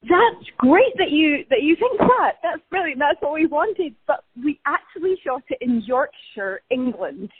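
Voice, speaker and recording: A woman actress chatting in a casual remote interview, bubbly and quick to laugh, talking while walking outdoors. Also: high voice, very animated, no echo. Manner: bubbly, laughs often, self-deprecating. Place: outdoors walking past a building site. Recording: tinny phone-line audio, dry.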